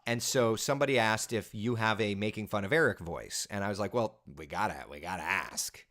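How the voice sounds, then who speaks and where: A man's voice: fairly low pitch, a little fast. A man hosting a casual live morning weather chat, joking and telling stories. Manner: chatty, jokey, lively storytelling. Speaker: TV meteorologist host.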